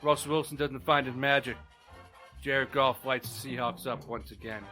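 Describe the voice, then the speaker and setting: A man's voice: medium pitch, fairly even intonation, normal speed, sharp tone, soft background music. A man co-hosting a casual sports podcast, running through game results in short clipped phrases. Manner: clipped score-by-score delivery, laughs at himself. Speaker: podcast co-host.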